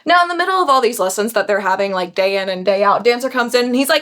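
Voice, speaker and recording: A young woman casually recapping a novel for her vlog, animated and gushing, often laughing. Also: fairly high pitch, quick pace, hardly any pauses. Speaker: book vlogger.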